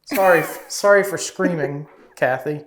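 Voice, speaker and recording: A man on a ghost hunt, gently and politely coaxing a spirit with questions, recorded in an office of an old house. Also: a little high, measured pace, a little hiss or hum. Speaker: paranormal investigator. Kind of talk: ghost-hunting session talk.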